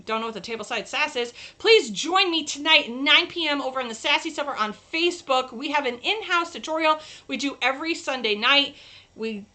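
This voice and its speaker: A woman from New York State hosts a crafting livestream with a high, bright voice. She talks casually and keeps up a chatty stream of tips as she shows her work to the camera. Her tone is crisp and forward. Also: expressive, brisk.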